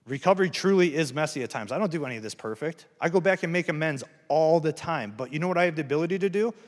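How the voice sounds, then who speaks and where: A man with a slightly high, animated voice speaks quickly as he gives a candid, earnest recovery testimony to an audience at a campus event. He's plain-spoken and self-deprecating, and the hall adds reverb to the recording.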